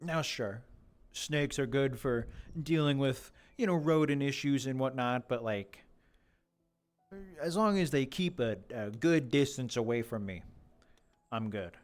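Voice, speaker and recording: A man's voice: mid-range voice, unhurried. A young man chats loosely while streaming a game, joking to himself and his viewers. His voice is a bit worn, as if he is starting to lose it. Faint game music sits behind him. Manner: rambling, jokey, talks to animals in a mock interviewer voice. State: slightly losing his voice. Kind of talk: casual solo streaming chatter.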